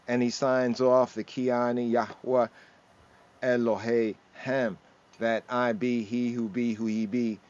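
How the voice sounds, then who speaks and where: A man's voice: mid-range voice, highs cut off. A man teaching scripture on a livestream, going verse by verse, sprinkling in Hebrew words and often asking "right?".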